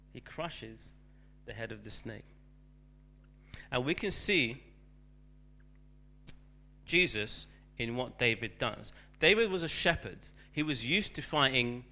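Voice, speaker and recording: A man's voice: mid-range voice, pushed and bright. A man preaching a sermon, talking loosely and hesitantly with lots of ums and uhs. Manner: rambling, hesitant with many fillers.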